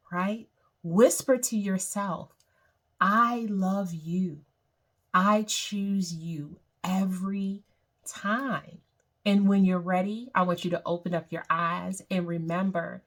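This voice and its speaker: Slow, low-voiced woman meditation guide. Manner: slow, soothing, repeats phrases.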